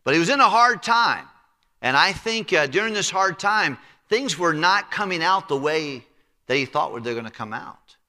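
A pastor preaching in a church sanctuary, his voice fairly high and forceful, with a bright, pressing edge. He preaches emphatically and drops low and soft on the words he wants to land. The sound rings out in a long, reverberant church hall. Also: animated, normal speed. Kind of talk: sermon.

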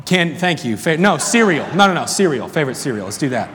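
A man's voice: fairly high pitch, very animated, fast, a bit bright. A man speaking to a student chapel crowd, playful and jokey, calling out to the room on a handheld mic. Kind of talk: lively sermon intro with audience game. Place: large hall with student audience. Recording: reverberant hall, crowd and noise.

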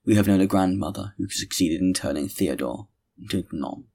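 Creaky, husky male narrator. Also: low-pitched, normal speed, mellow. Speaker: audiobook narrator. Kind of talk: scripted narration of a classic novel.

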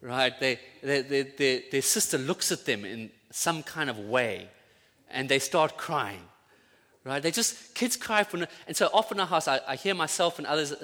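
Man preaching a fervent sermon, bright tone. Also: mid-range voice, expressive, moderate pace. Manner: rising to loud fervent peaks, then quiet and tender. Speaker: pastor. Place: church. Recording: church sound with long reverb.

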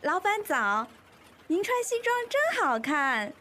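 A gushing young office employee, voiced by a woman in a scripted language-lesson skit. Her voice is very high, bright and sharp, swooping widely as she lays the praise on thick. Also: big pitch swings, a little slow, slight background noise, full character voice.

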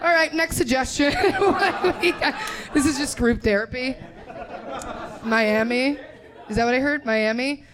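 A woman's voice: sits high, a little slow. Young woman comic from Indiana, brash crowd work, live club mic with a roaring audience. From Indiana, USA. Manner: brash, crude, laughing, riffing with audience. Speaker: stand-up comedian. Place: comedy club stage.

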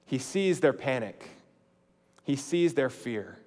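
A man preaching a sermon in a conversational way, swinging between emphatic lines and quiet, slow, hushed ones. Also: medium pitch, animated, long reverb tail. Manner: conversational, with fillers and restarts.

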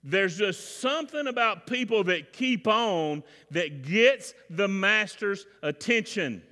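A man preaching a sermon as pastor in a church, in folksy preacher talk that builds from quiet prayer to shouted preaching. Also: sits high, animated, slow. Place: church sanctuary. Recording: long reverb in a church hall.

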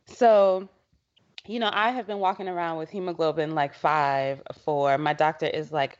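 A middle-aged woman with a somewhat low voice talks as a podcast guest, earnest and conversational, slipping into other people's words as she tells stories. The audio is a little dull and muffled. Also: fairly even intonation, normal speed. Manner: earnest, conversational, acts out quotes. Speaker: guest, head of a women's health organization.

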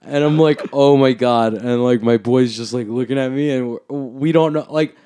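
A young man tells a story on a podcast in casual chat, rambling, swearing a lot, and saying "like" constantly. His voice is medium-pitched and mellow, at a normal speed.

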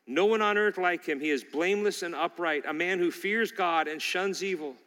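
Guy preaching a sermon, high bright voice, plays out the devil's lines then fires back, big reverb like a church hall. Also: normal speed. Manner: preaching with rising intensity, acting out Satan's lies. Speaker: pastor.

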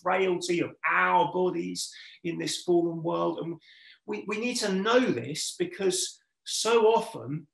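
Gravelly-voiced man preaching in an echoey room. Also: high voice, takes it slowly, a bit bright. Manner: earnest, poses rhetorical questions to listeners. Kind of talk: sermon.

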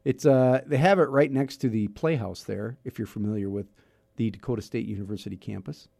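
Chatty middle-aged radio host, mellow voice. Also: male voice, lowish voice, fairly quick, vocal fry, no room sound. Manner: chatty, self-mocking, rambling with restarts. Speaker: radio talk show host. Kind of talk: casual radio talk. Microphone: studio mic.

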